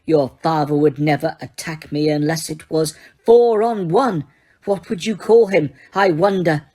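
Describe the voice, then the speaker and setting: A woman reading aloud puts on a cold, sneering wizard from a storybook. He speaks with open contempt, his voice pushed a little higher and louder than plain narration. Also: measured pace.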